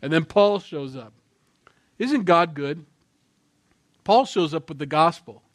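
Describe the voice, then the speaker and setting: A man's voice: a little high, lively intonation, takes it slowly. Man preaching a sermon in a conversational tone. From Norwegian heritage. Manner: conversational, with asides and sudden shifts between loud emphasis and quiet remarks. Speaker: pastor.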